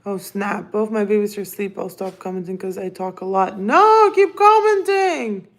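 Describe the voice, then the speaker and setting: A woman's voice: mid-range voice, level tone, brisk, darkish tone. A woman whose first language is Russian, chatting casually on a live stream as she reads viewer comments aloud and talks to her cat. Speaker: livestream host reading viewer comments.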